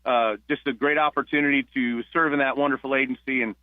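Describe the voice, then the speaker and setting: A man's voice: mid-range voice, steady tone, clear, resonant tone, no room sound. Man on a tinny phone line. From New Jersey. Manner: warm storyteller, halting restarts. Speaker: guest, retired police officer. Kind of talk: phone-in radio interview.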